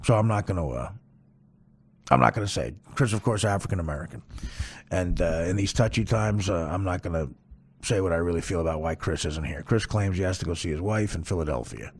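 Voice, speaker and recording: A man hosting a podcast, talking in a casual, rambling monologue full of crude, profane jokes and deadpan asides. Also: low voice, a little fast, breathy edge. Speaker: podcast host.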